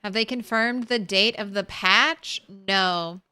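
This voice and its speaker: A woman's voice: mid-range voice, slow pace, sharp tone, clean tone. A woman streamer chatting casually while she plays, thinking aloud and laughing easily. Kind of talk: casual gameplay commentary.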